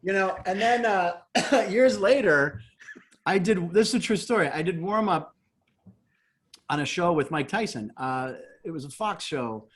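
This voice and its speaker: A middle-aged man telling stories in a casual interview, animated and laughing often as he acts out what people said. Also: fairly high pitch. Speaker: guest, comedian and game show host.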